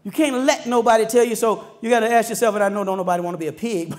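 High-voiced emphatic male preacher. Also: rapid-fire. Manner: emphatic call-and-response preaching, rising to shouts. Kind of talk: sermon.

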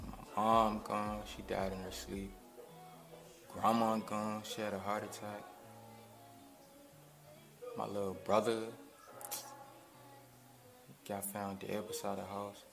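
A young man speaking to his late father in a halting, slang-heavy vlog monologue, close to tears. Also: on the low side, level tone, creaky. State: on the verge of tears. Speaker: vlogger. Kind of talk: grieving monologue to camera. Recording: music playing under the voice.

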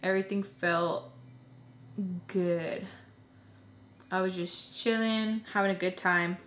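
A woman's voice: fairly low pitch, fairly even intonation, takes it slowly, a bit bright. A young woman telling a personal storytime while doing her makeup, chatting casually with her viewers. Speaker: vlogger. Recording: roomy echo.

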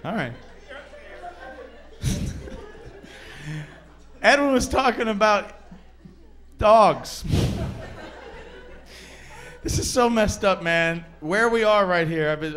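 A stand-up comedian works a club crowd in a high, bright voice, brash and crude. He pokes at the audience between punchlines with a loud, cheeky delivery.

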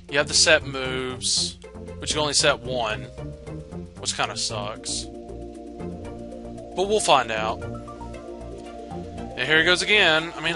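A young man casually commentating his gameplay, rambling and swearing offhand. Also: a little high. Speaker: let's play host.

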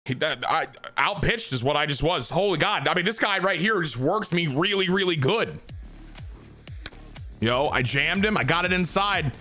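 A young man commentating his own baseball video game play, excitable and swearing as he talks to himself and his viewers. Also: on the high side, normal speed, soft background music. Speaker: gaming streamer. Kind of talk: live gameplay commentary.

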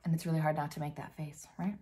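Woman, young adult, low voice, chatty, playful, makeup lesson for kids. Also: little pitch movement, fast talker, warm tone. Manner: playful, chatty, lots of fillers and sound effects. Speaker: makeup tutorial teacher. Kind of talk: casual demonstration for kids.

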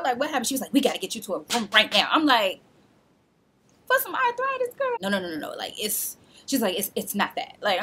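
A woman in her twenties tells her own story straight to camera, talking casually and with lots of life. She acts out the people she quotes and laughs often as she goes. Her voice sits at an ordinary middle pitch. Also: a bit bright, breathy edge. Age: 20s. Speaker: vlogger.

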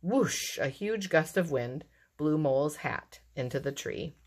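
A woman with a low voice reads a children's storybook aloud, unhurried and expressive. Her tone rises and falls a lot as she tells the story. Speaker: narrator.

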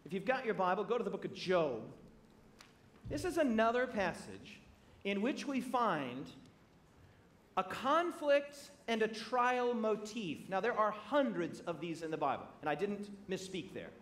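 A man preaching a sermon in a church, emphatic, with bursts of loud emphasis that drop back to quiet asides. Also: big pitch swings, a little slow. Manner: emphatic, rising to loud bursts then dropping low.

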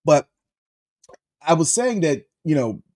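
A man co-hosting a wrestling review podcast, chatting in an animated way and laughing often. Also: a little high, takes it slowly. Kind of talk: casual podcast chat.

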